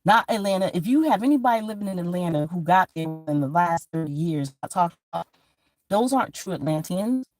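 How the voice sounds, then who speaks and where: Animated, profane woman. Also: on the low side, brisk, soft background music. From Georgia, USA. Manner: animated, profane, rambling storytelling. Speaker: vlogger. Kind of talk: casual monologue to camera.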